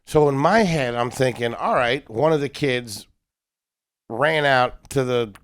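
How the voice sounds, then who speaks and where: A man's voice: mid-range voice, a little slow. A man co-hosting a podcast, telling a family story in a blunt, profane, dryly teasing way. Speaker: podcast co-host. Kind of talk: casual storytelling chat.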